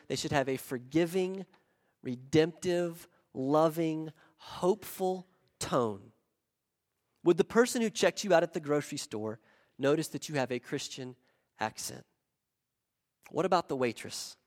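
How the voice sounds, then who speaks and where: A man with a Southern drawl from South Carolina preaches, his voice sitting a little high for a man. He speaks earnestly, leaning on key words and repeating phrases for weight. A long reverb trails each line through a large hall. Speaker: pastor. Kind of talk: sermon.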